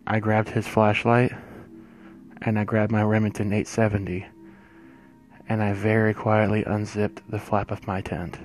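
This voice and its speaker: Low-voiced man narrating a creepy tale. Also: level tone, soft background music. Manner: hushed, suspenseful, with drawn-out pauses. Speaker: horror story narrator. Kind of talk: spooky first-person story narration.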